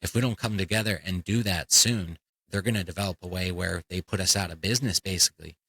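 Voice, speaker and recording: Male podcast host, low pitch, forceful and bright, dry close sound, blunt and profane. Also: steady tone, fast talker, slightly rough, dry recording, rough recording. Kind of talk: ranting comedy podcast monologue.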